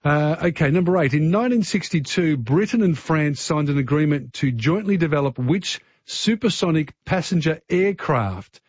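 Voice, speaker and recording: A man's voice: on the high side, lively intonation, moderate pace, few pauses, breathy edge, no echo, lo-fi sound. A man with an Australian accent hosting a talkback radio quiz, chatty and easygoing. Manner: chatty, easygoing, filler-heavy.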